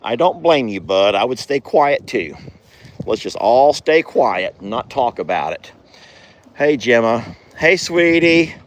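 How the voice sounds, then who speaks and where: A man's voice: medium pitch, very animated, unhurried, slight background noise. An older man, a rancher who chats casually to the camera and exclaims fondly at his animals. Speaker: rancher vlogger.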